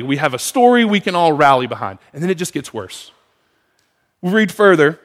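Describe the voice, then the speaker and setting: A man preaching a sermon, asking the congregation questions in an animated way. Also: a little high, moderate pace, in a large hall. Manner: animated, asks the room questions. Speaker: pastor.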